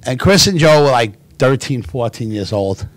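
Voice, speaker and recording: A middle-aged man hosting a livestream, telling stories in an animated, laughing way. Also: mid-range voice, moderate pace, no room sound. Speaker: show host. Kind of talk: casual storytelling on a livestream.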